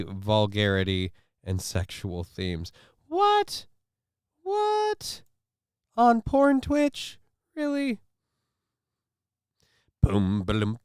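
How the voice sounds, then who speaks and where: Man, stream host, sarcastic commentary, reads chat aloud, lowish pitch, smooth voice. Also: fairly bright tone, dry recording, clean studio sound. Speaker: livestream show host. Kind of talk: casual commentary reading chat and news.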